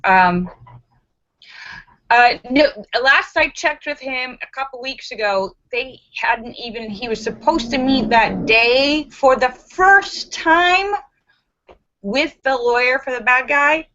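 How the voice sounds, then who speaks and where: A woman's voice: sits high, takes it slowly, sharp tone, muffled recording. A woman hosting a live stream, chatty, greeting viewers by name and reading out their jokes.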